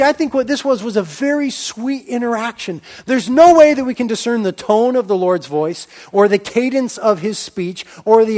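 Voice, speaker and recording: A man preaching a sermon, explaining in a reflective way and often dropping into a softer voice. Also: sits high.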